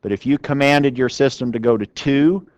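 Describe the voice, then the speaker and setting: A man lecturing a class, with a smooth, clear voice recorded dry and close. He talks in an easy conversational way, often stopping to ask the students questions. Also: mid-range voice, normal speed, a little mellow, no room sound, muffled recording. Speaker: university lecturer. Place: lecture room.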